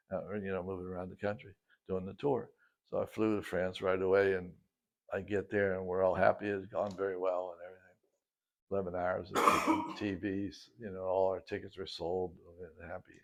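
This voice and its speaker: A man telling a personal story in a halting, casual way, with frequent restarts. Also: sits low. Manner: halting, with many restarts and fillers. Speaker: storyteller recounting his life. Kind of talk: casual spoken reminiscence.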